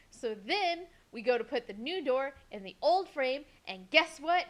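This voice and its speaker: A young woman co-hosting a podcast, telling a story in a casual, animated way, swearing freely and acting out what people said. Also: high-pitched, measured pace, few pauses. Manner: animated, swears a lot, acts out quotes. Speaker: podcast co-host.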